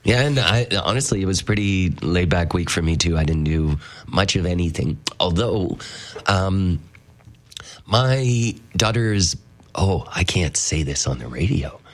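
Chill guy hosting morning radio, kinda low voice, rambly, laughs a lot. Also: expressive, measured pace. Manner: loose, rambling, laughing often. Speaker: radio host. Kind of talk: casual radio chat. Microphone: studio mic.

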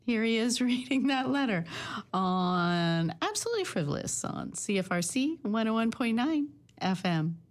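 A woman's voice: on the high side, sing-song, normal speed. Chatty woman radio host. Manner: chatty, rambling, full of fillers. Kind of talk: casual radio chat.

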